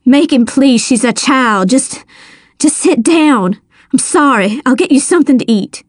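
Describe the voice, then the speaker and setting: A woman's voice: high-pitched, lively intonation, unhurried, no echo. A woman voicing a frightened older woman who pleads breathlessly, read in a dry, close storybook reading. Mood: pleading.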